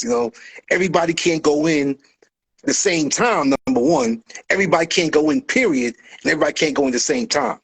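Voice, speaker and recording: Animated husky-voiced man telling stories. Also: a little high, fast, low-quality recording. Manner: animated storyteller, acts out quoted voices. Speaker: guest, early hip hop dancer. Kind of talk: casual conversation.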